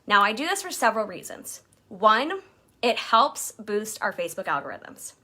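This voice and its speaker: A woman's voice: mid-range voice, sing-song, normal speed, bright, forceful tone. A woman leading a direct-sales team, giving a chatty motivational coaching talk and acting out quotes in jumpy voices.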